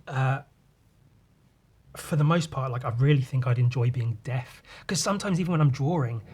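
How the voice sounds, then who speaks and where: A man's voice: a little high, a little mellow, slightly rough. Rambling, sweary man. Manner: rambling, sweary, restarts a lot. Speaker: podcast host. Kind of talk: casual solo podcast chat.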